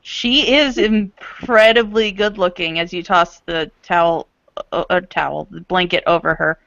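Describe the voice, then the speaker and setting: A woman narrating as game master of a tabletop role-playing game in a casual, unhurried way. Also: fairly low pitch, steady tone, gravelly, fairly bright tone, no room sound, lo-fi sound.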